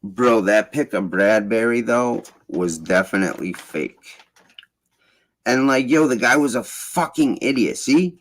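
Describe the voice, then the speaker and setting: A man hosting a casual group voice chat, ranting in a profane, animated way. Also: medium pitch, a little slow. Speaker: host.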